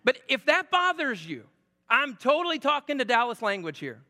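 A man in his forties preaching a sermon as a pastor, conversational and animated, rising to loud emphasis. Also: very high-pitched, normal speed. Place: church sanctuary. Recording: echoey church hall.

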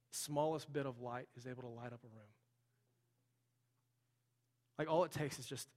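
A young adult man, a pastor, preaching a sermon in a conversational way with casual asides, in a large church sanctuary. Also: medium pitch. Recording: long hall reverb.

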